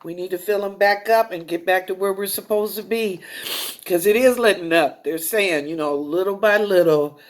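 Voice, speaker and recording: A woman's voice: mid-range voice, normal speed. Folksy, tearful middle-aged woman. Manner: folksy, emotional, addresses viewers as y'all. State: tearful, choked up. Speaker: psychic show host. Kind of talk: talk show monologue to viewers.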